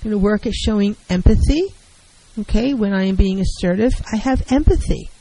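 A middle-aged woman counselor who talks in a calm, measured way and acts out example dialogues. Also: medium pitch, no echo, poor audio. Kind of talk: talk radio advice segment.

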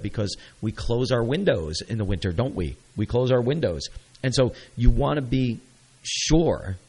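A man's voice: on the low side, darkish tone, husky, poor audio. A man hosting a local radio show, talking casually and upbeat, coaching listeners and checking in with "okay?".

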